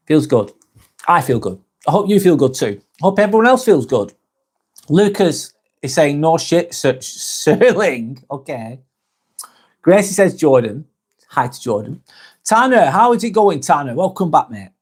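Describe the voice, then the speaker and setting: A man with a Northwest English accent chats casually to viewers of his livestream. His voice sits at an ordinary middle pitch. He talks loosely, reads out comments and drops the odd swear word. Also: a little mellow, breathy edge. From Northwest England. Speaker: live vlog host reading chat.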